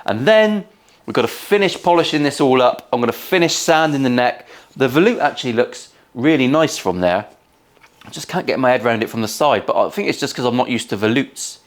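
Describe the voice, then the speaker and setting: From his home workshop, an English guitar-building vlogger with a West Country accent talks a little fast in an expressive, mid-range voice. His banter is casual, cheeky and full of swearing.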